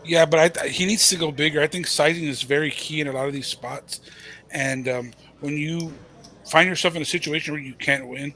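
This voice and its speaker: Poker color guy, casual and jokey, kinda high bright voice. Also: fairly even intonation, brisk. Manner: casual, joking, talks straight to players. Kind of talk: live poker commentary.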